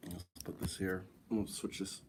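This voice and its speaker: A man's voice: low-pitched, little pitch movement, a little slow, noisy background. A man hosting a casual livestream from his home, sitting on the floor and rambling loosely as he talks straight to viewers and answers the chat. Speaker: livestream host.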